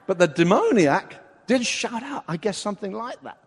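A man delivers a sermon, explaining scripture and firing rhetorical questions at his listeners. His voice sits a bit high and moves expressively. A long reverb from the hall trails behind every phrase. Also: fairly quick, husky. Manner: expository, animated, rhetorical questions. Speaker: pastor.

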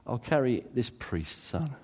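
A man preaching a sermon as a pastor, animated, swinging from loud exclamations to quiet asides. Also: medium pitch, unhurried, slightly rough. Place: church. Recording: reverberant church hall.

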